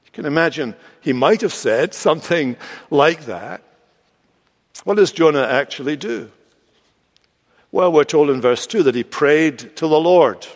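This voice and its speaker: A male pastor preaching a sermon with expressive delivery, slowing down and lifting his voice for quoted lines. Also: fairly high pitch. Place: large church sanctuary. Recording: long church reverb.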